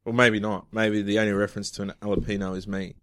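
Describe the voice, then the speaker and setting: A man's voice: on the low side, level tone, fast talker, fairly bright tone, dry recording. A man casually planning an improv comedy scene with friends, laughing often as he sets it up. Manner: laughs often, plays the police chief. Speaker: improv player.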